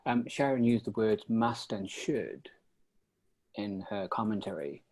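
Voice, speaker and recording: A man puts a considered question to the author at a slow, deliberate pace. His voice is low and slightly husky. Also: expressive, darkish tone, poor audio. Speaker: audience member asking a question. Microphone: video call.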